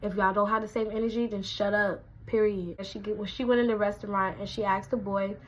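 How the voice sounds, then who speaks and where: Animated young woman telling a story. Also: mid-range voice, brisk, a little hiss or hum, low-quality recording. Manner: animated, acts out quotes in a raised voice. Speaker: vlogger. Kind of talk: casual storytime.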